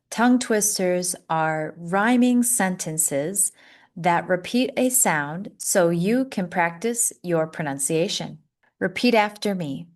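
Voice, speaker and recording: A woman teaching English pronunciation, saying words slowly and deliberately for learners to repeat, with an encouraging teacher tone. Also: lowish voice. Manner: slow, deliberate, drawn-out words for repetition. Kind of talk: slow, clear pronunciation lesson.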